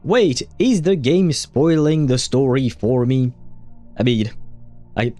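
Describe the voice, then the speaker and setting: A man's voice: medium pitch, animated, takes it slowly, dark tone, no echo, faint music behind. A man streaming a game, chatting casually in a rambling, filler-heavy way and laughing often. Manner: swears when frustrated. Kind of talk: casual gaming commentary.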